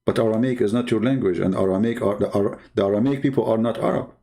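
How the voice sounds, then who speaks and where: A man's voice: on the low side, fast talker, gravelly, warm tone. A man delivering a combative, mocking monologue as an online religious debater, growing heated as he makes his points. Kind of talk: impassioned monologue.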